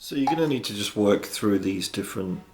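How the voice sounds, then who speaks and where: A man teaching drum exercises in a measured, methodical way, counting out stickings. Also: lowish voice, animated, heavy background noise. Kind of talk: instructional explanation. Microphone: studio mic with monitor system.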